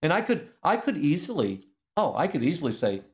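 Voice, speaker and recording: A man telling a personal story as an interview guest, lively and earnest, acting out the people in it. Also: on the high side, brisk. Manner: animated storyteller who acts out the people in his tale; earnest and reflective. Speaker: guest speaker.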